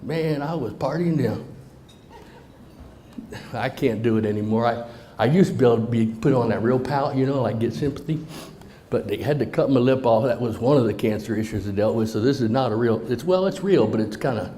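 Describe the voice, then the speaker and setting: A man's voice: medium pitch, fairly quick, mellow. A middle-aged man telling a humorous personal story to a live audience, folksy and joking, talking straight to the crowd. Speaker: motivational speaker. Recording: roomy hall reverb, faint noise.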